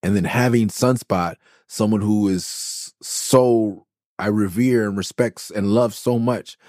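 A man's voice: lowish voice, slow pace, darkish tone, no echo, clean studio sound. A man hosting his own podcast, telling the stories behind his songs in a loose, enthusiastic, rambling way with lots of "like"s. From Los Angeles. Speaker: podcast host. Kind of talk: casual storytelling about his album.

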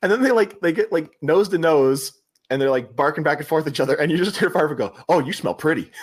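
A man hosting a podcast, casually recapping a film with animated retelling that keeps slipping into quoted lines. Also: on the high side, fast. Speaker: podcast host.

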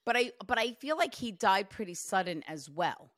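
A woman's voice: mid-range voice, animated, moderate pace, fairly bright tone, no echo. A chatty woman medium talks loosely, full of "like" and quoted messages. The sound is dry and close, with no room around her voice. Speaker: psychic medium host. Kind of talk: casual reading session.

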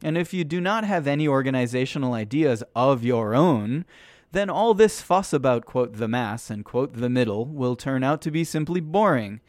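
A man's voice: mid-range voice, normal speed, few pauses, no room sound. Dry, close-miked man reading aloud. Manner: voices quotation marks aloud as "quote" and "unquote". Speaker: podcast host reading a political text aloud. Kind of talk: steady read-aloud narration.

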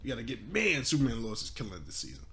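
A man co-hosting a podcast in casual chat, animated, swearing freely and saying "like" a lot. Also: medium pitch, racing. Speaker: podcast co-host.

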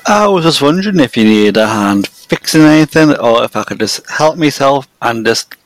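A man's voice: medium pitch, lively intonation, moderate pace, rough recording. A man playing his tabletop character, friendly and helpful in manner. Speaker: player. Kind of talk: in-character tabletop role-play.

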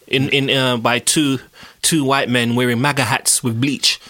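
A man with a London accent, co-hosting a podcast in lively, slang-heavy casual banter. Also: mid-range voice, a little slow. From London, England. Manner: animated, laughing, heavy slang. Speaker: podcast co-host and rapper.

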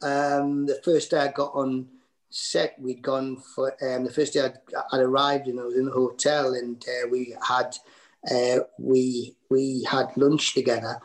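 A middle-aged Geordie man spins loose, rambling anecdotes, full of ums and false starts. His voice sits at an ordinary middle pitch, relaxed and conversational, like a comedian chatting between jokes. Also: unhurried, low-quality recording. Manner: rambling anecdotes with many fillers and restarts. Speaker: comedian guest. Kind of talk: casual interview storytelling.

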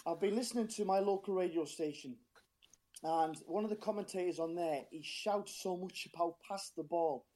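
A man's voice: sits high, normal speed, warm tone. A man calling in as a football fan, talking in a passionate, frustrated, rambling way with a strained voice. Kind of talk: casual phone-in chat.

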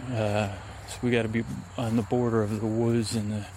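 A man's voice: lowish voice, flat delivery, moderate pace, darkish tone. A man narrating casually while walking a wooded trail near a road, musing and rambling into a handheld recorder. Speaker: vlogger. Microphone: handheld recorder with fuzzy windscreen. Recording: faint outdoor traffic ambience.

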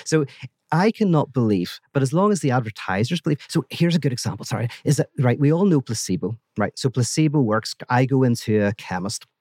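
A man speaking as a guest philosopher in a podcast conversation, telling stories and ideas in an animated way with frequent restarts. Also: mid-range voice, brisk, dry recording, clean studio sound.

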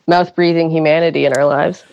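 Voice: mid-range voice, steady tone, brisk, creaky, darkish tone, no room sound, dull audio. A guest on a comedy podcast, making dry, teasing remarks. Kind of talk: casual comedy chat.

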